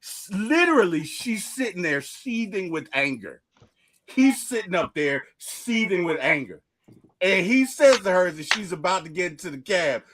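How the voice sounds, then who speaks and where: Animated high-voiced man debating. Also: measured pace. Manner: animated, laughs and exclaims, acts out film lines. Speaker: co-host. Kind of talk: casual debate chat.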